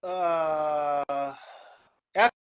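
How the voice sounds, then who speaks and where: A man being interviewed as a guest, chatting casually and telling animated stories with quick put-on voices. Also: on the high side, muffled recording, a little hiss or hum. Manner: animated storyteller, puts on quick voices in anecdotes. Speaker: guest, security director.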